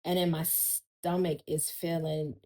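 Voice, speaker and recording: A woman's voice: low voice, flat delivery, unhurried, darkish tone, low-quality recording. A woman, a podcast guest telling a personal story in casual chat, often turning to listeners with "y'all.".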